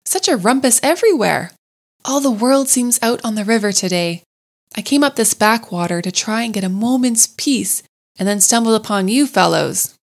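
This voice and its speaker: A woman voicing a lively, gossipy male otter with a bouncy, loud way of talking. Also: fairly high pitch, normal speed.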